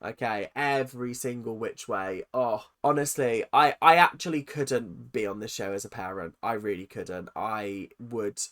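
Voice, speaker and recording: A young host in their twenties, ranting through a reaction video in a sarcastic, animated way and swearing freely. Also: medium pitch, normal speed, few pauses. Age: 20s.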